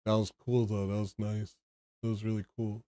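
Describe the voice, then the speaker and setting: Male livestream host, lowish voice, close dry mic, sarcastic and weary. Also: level tone, moderate pace, dark tone, no room sound. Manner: sarcastic, exasperated, mocking. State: tired. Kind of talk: casual livestream talk.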